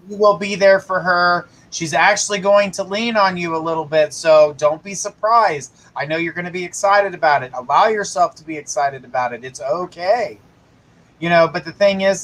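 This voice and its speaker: Bright high-voiced man giving psychic readings. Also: low-quality recording. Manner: casual, reassuring, gives direct advice. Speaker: psychic host. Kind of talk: live-stream psychic reading.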